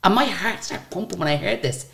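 An Irish woman with a very deep voice telling lively anecdotes in a casual interview. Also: brisk, creaky. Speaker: singer and guest.

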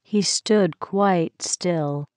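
A woman narrating a children's story in a slow, gentle reading voice. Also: lowish voice, clear, resonant tone, dry recording, studio quality.

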